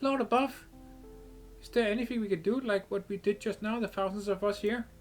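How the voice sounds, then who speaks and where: Anxious pleading father, read by a man, higher than his own voice, for a game playthrough. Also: a little fast, faint music behind, close to an everyday voice. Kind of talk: reading game dialogue aloud.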